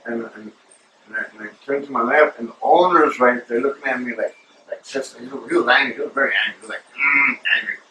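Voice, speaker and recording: Rambling bright-voiced man in an echoey room. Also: mid-range voice, fast, a little hiss or hum. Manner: rambling, filler-heavy, calls listener bro. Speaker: show host. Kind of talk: casual storytelling. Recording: roomy echo, distant from mic.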